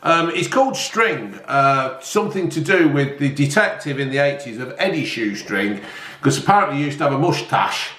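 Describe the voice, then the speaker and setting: A man's voice: mid-range voice, lively intonation, normal speed, a bit bright. A man, chatting casually to viewers and swearing freely as he makes food at home. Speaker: vlog host. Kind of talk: casual cooking vlog chat. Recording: echoey room.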